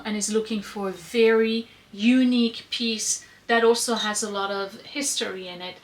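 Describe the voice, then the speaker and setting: A woman shows her vintage shop wares to viewers in a casual, admiring way. Her voice sounds bright and crisp, and she talks in an easy, chatty manner. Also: a little high, low-quality recording. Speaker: vintage shop owner showing items. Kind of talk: casual product showcase.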